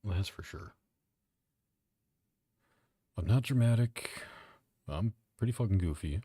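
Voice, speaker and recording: Young male streamer, low husky voice, dry close mic, casual and foul-mouthed, self-deprecating. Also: lively intonation, slow, long pauses, mellow, no room sound. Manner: profane, offhand, self-mocking. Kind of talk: casual live-stream chat.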